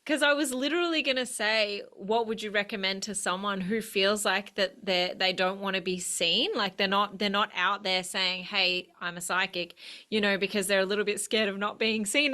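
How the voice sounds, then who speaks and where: A woman's voice: medium pitch, pushed and bright. A woman hosting an interview over a video call, gushing with effusive praise and lots of filler "like"s. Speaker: interview host. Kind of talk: casual interview chat.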